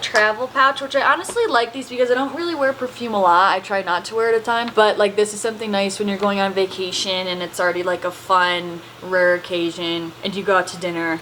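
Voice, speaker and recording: A woman's voice: medium pitch, fairly even intonation, fairly quick, few pauses, background noise, lightly acted. A woman vlogger unboxing a package on camera while playfully talking in a put-on accent, filmed on a handheld camera. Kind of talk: casual vlog chat, unboxing.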